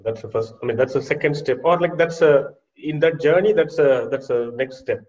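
A man's voice: medium pitch, fairly quick, a little mellow. A man interviewing, thinking aloud with many fillers and restarts. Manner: hesitant, full of fillers. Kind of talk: conversational questioning. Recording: dull lo-fi recording from off mic.

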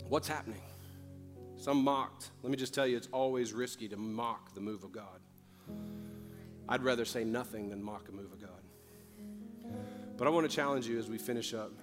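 Man preaching fervently in a reverberant hall. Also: medium pitch. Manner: preaching with rising fervor and emphatic repetition. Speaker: pastor. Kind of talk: sermon. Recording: long hall reverb with faint music.

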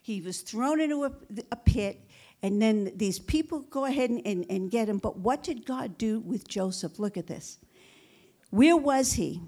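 A woman's voice: fairly high pitch, lively intonation, a little slow, warm tone. A woman pastor preaching a sermon, fervent and repetitive, with rhetorical questions and calls of "Amen?" to the congregation. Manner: repeats phrases for emphasis.

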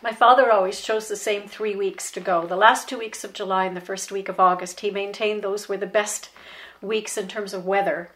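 A woman's voice: mid-range voice, fairly even intonation, normal speed. An older woman from Canada, an interview guest, recalling childhood summers with frequent light laughter. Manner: warm nostalgic recollection, laughs often. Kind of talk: reminiscing storytelling.

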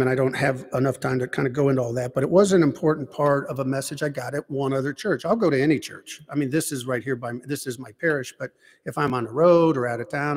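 A man giving a rambling personal faith testimony, halting with many restarts and asides. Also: mid-range voice, darkish tone, big-room sound. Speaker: lay speaker giving personal witness.

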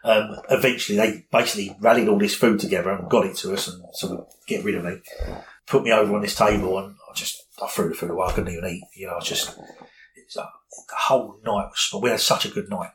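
A man's voice: fairly low pitch, fairly even intonation, quick pace, a bit bright, rough recording. A middle-aged man, candidly telling a personal story in an interview, rambling with many fillers.

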